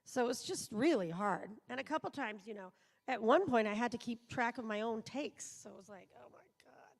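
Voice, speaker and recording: A woman's voice: on the high side, brisk, creaky. A middle-aged woman from the United States, a voice actor, chatting in a rambling, self-deprecating way as a guest on a live convention panel in an auditorium.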